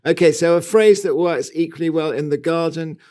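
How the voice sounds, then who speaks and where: A man's voice: on the high side, fairly quick, darkish tone. A middle-aged man co-hosting a garden podcast, chatty and scatty, often stumbling over words with ums. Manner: scatty, hesitant, full of ums. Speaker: podcast co-host. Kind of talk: casual banter.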